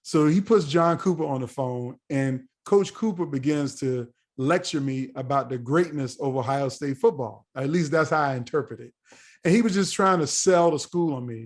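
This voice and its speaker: A middle-aged American man spins a long story in a casual interview, slipping into the voices of the people he quotes. His voice sits a touch high for a man. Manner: animated, acts out quoted voices. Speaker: podcast guest.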